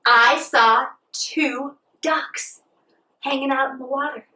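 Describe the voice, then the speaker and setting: A woman leading a playful children's yoga lesson, animated and sing-song as she talks to a child. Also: high voice, slow, roomy sound, recorded from a distance, rough recording. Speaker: kids' yoga teacher. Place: outdoors on a farm.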